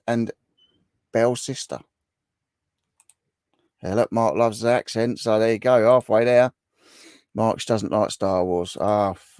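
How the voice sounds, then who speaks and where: This livestream host has a medium-pitched, somewhat dark voice, recorded dry with clean studio sound. He reads viewer comments aloud and chats with them casually, bantering and repeating himself.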